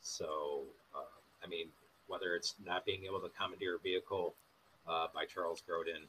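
A man co-hosting a casual movie podcast, with a very deep, low voice. He speaks in a measured, hesitant way with plenty of fillers. Faint noise hums behind him. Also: level tone, bright, forceful tone, low-quality recording. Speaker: podcast co-host.

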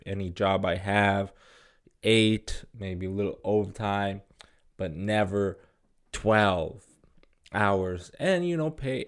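Slow, low-voiced man rambling alone. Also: clear, resonant tone. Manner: rambling, profane, self-deprecating. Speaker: solo podcast host. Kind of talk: casual solo podcast monologue. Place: room alone.

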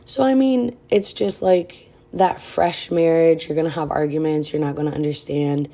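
A woman's voice: sits low, steady tone, moderate pace, dark tone. A woman hosting a podcast, talking frankly and directly in a casual advice chat, a little out of breath. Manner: frank and direct, many fillers. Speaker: podcast host.

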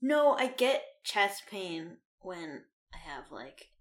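A woman's voice: lowish voice, big pitch swings, takes it slowly. A woman co-hosting a casual chat, joking crudely and laughing often.

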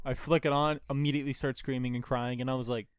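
A young man recalls his shifts running a kiddie coaster, laid-back and cursing freely. His voice is smooth and resonant, middle in pitch. It is recorded close and dry, with no room sound. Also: little pitch movement, fast, no room sound. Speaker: ride operator telling work stories. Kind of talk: casual chat.

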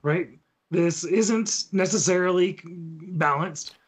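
A man's voice: sits high, slow pace, breathy edge. A man co-hosting a podcast, casually walking listeners through gaming material in an easygoing way. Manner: easygoing, walks through steps. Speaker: podcast co-host. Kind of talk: casual tabletop gaming chat.

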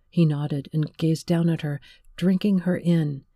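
A woman reading a romance novel aloud in measured, emotive scripted narration. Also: sits low, fairly even intonation, dark tone, dry recording, studio quality. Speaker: audiobook narrator.

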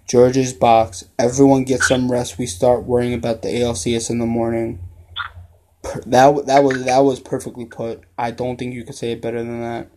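A man hosting a casual sports podcast, reading out listener messages and reacting excitedly. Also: medium pitch. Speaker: podcast host.

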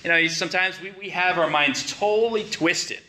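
Male preacher, bright and higher-pitched, conversational sermon delivery with emphatic rises. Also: moderate pace. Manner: conversational, rising to emphatic questions.

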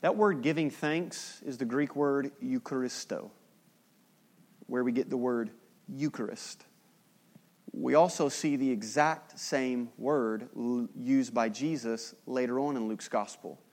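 A man preaching a sermon as pastor. He talks conversationally, drops in joking asides, and moves between loud emphasis and hushed, solemn passages. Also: mid-range voice, measured pace.

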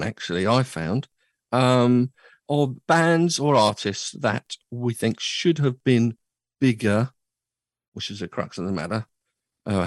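A man's voice: medium pitch, no echo. Chatty, jokey male podcast host. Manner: chatty and jokey, rambling asides. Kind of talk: casual chat show.

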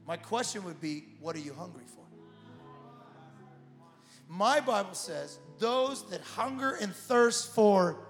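High-voiced preacher in an echoey hall. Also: male voice, slow, long pauses, soft background music. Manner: animated, builds to shouts, repeats himself. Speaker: pastor. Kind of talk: sermon.

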